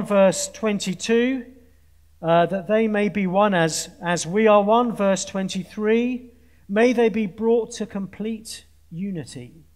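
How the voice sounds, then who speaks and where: A man preaching with a high, light voice, earnest and pointed, with a dry sense of humour. He builds points through repeated phrases and stumbles briefly into restarts. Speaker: conference speaker preaching. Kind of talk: sermon to a student audience. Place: large conference hall with an audience.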